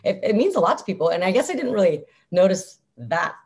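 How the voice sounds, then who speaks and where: A woman's voice: mid-range voice, big pitch swings, quick pace, a little mellow, a little hiss or hum. A young adult woman, a guest in an interview, talking casually in an upbeat, chatty way, full of "like" fillers.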